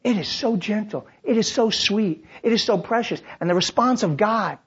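Male pastor mid-sermon; husky, passionate, loud-to-hushed swings; dull lo-fi audio. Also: high-pitched, animated, normal speed. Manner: passionate, swings between loud preaching and quiet prayer. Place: church service.

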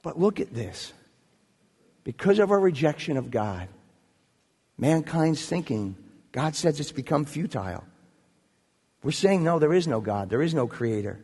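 A man's voice: fairly high pitch, very animated, a little slow, pauses often, darkish tone, husky. A man preaching a sermon as pastor, earnest and storytelling, building to emphatic points. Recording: echoey hall reverb.

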